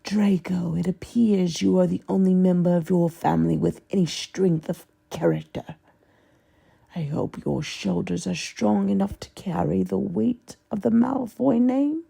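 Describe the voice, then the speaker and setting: A woman voicing a cold, sinister male dark lord who hisses his orders in a low, menacing voice. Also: a little slow, vocal fry, breathy edge, full character voice.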